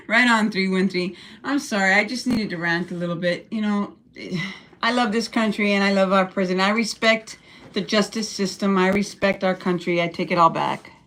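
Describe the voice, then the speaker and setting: A woman's voice: mid-range voice, moderate pace, fairly bright tone. An older woman hosting a casual livestream from her room at home, blunt and profane as she rants. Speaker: livestream host.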